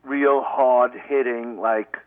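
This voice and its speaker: A man's voice: medium pitch, steady tone, takes it slowly, dry recording. Brash middle-aged male comic, thick Brooklyn accent, phoned-in, tinny line. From Brooklyn, New York. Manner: brash, rambling, profane. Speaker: guest comedian. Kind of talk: phone-in radio interview.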